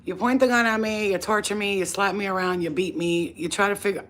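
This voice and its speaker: A woman casually chatting to her viewers at home, blunt and profane, animated and sometimes dropping to a soft whisper. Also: mid-range voice, fairly quick, husky. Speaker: spiritual channel host. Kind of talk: casual straight-to-camera chat.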